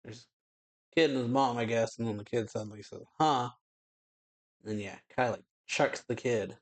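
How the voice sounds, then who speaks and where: Chill guy reading a comic out loud, rambly, lots of yeah and like, mid voice. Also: medium pitch, steady tone, fairly quick. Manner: loose, rambling, many fillers like "yeah" and "like". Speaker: anime reaction host. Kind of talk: casual reading and reacting to a comic chapter.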